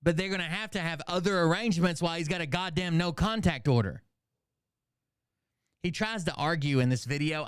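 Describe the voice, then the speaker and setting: A man's voice: fairly high pitch, brisk, clear, resonant tone, no echo, studio quality. A man hosting a commentary channel, talking casually in a rambling, profane, conversational way.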